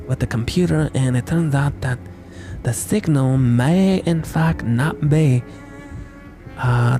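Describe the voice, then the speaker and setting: A man hosting a podcast, recapping a movie in a rambling, jokey way, often interrupting himself. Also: mid-range voice. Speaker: podcast host.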